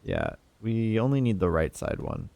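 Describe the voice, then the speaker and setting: A man's voice: fairly low pitch, huge pitch swings, moderate pace, creaky, darkish tone, a little hiss or hum. A man streaming a puzzle game, chatting in a laid-back, rambling, self-mocking way. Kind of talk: casual gameplay commentary.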